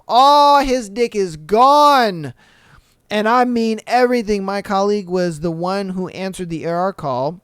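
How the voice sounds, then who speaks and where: A man's voice: high-pitched, clean tone, no echo, clean studio sound. A man hosting a podcast, reading listener stories aloud and reacting with laid-back, profane, joking asides. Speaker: podcast host.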